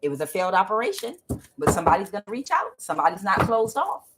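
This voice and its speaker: A woman doing a tarot reading for her channel viewers, talking casually, swearing now and then and swinging between low mutters and loud excited bursts. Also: fast talker, heavy background noise. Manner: swears casually, addresses viewers as guys and y'all. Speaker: tarot reader.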